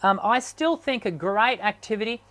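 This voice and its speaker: A man hosting a live online chat as a singing teacher, his voice strained from sickness, talking haltingly with many ums and restarts. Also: high-pitched, noisy background. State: sick, strained voice.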